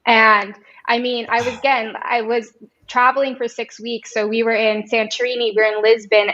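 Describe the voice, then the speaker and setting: Brief: woman, higher voice, chatty storyteller, slightly dull lo-fi sound. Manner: lively, quotes others in animated asides. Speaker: guest. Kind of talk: casual interview storytelling.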